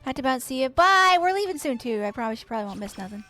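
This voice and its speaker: A woman's voice: high-pitched, very animated, racing, bright, forceful tone, faint music behind. A woman streaming a game, chatting casually with her viewers, cooing at and teasing the horses and swearing now and then. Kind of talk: casual live-stream chat while gaming.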